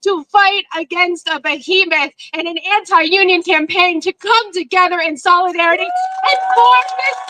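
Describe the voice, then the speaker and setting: A woman's voice: very high-pitched, fairly even intonation, normal speed, noisy background. A woman county executive giving an emotional, fervent rally speech. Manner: emotional, fervent public speaking.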